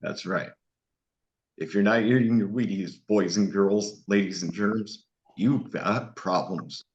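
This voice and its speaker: A man's voice: on the low side, slow. A man chatting casually as interviewer, swearing often and laughing easily. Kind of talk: casual chat. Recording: dull lo-fi recording.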